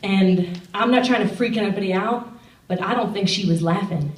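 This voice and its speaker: A young woman comic tells her stories deadpan at a middling pitch, and her acted-out quotes come in loud bursts. The sound is roomy. She is heard from some distance off the mic on a comedy stage. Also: normal speed, a little hiss or hum. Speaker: stand-up comedian. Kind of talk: stand-up set.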